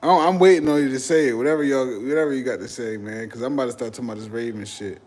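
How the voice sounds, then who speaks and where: A man's voice: medium pitch, fairly even intonation, rapid-fire, a little mellow, a little hiss or hum. A young man from Texas hosting a casual livestream, joking and swearing as he banters with his chat. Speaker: livestream host.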